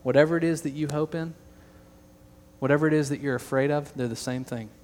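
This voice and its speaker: A man's voice: on the high side, fairly even intonation, a little fast, a little mellow. A young man preaching a sermon as pastor, earnest and emphatic, with joking asides to the congregation. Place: large church hall. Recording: long hall reverb.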